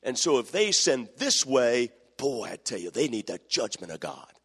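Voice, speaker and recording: A man's voice: mid-range voice, very animated, normal speed, a bit bright, husky. A man preaching a sermon, reading scripture and calling on the congregation to answer back. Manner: calls for answers from the congregation, acts out quoted voices. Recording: long hall reverb.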